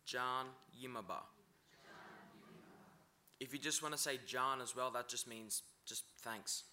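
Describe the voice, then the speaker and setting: In a pronunciation lesson for an Indigenous language, a man with a mid-range, sharp-toned voice sounds out words syllable by syllable. He goes slowly and deliberately, breaking each word apart.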